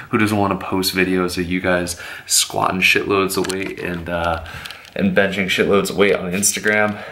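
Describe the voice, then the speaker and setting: A young man explaining workout advice in a casual vlog, energetic and a little out of breath from excitement. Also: low-pitched. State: slightly out of breath. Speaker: fitness vlogger.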